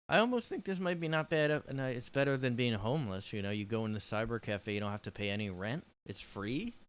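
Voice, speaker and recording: Rambling, joking podcast host guy. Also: fairly low pitch. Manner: rambling and joking, lots of fillers. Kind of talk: casual solo podcast chat. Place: his room.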